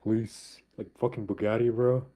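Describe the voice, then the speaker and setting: A man with a mellow, warm tone chats casually and rambles. He hunts for his words and leans heavily on "like" as he goes. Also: on the low side, steady tone, moderate pace. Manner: hesitant, rambling, full of "like". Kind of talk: casual chat.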